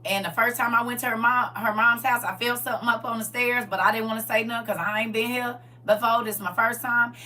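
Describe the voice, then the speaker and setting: A woman hosting a livestream, telling stories in an animated, emphatic and slangy way. Her voice is bright and sharp. It sounds a little distant from the microphone, with a faint hum in the background. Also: fairly high pitch, a little fast, few pauses. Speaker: livestream host. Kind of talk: casual storytelling to a live audience.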